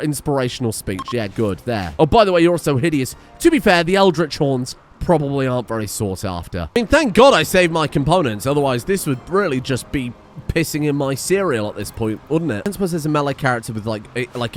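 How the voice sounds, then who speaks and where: A young man commentating a game, ranting at his characters in an exasperated, sarcastic, sweary way. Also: mid-range voice. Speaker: gaming streamer. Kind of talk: let's play commentary.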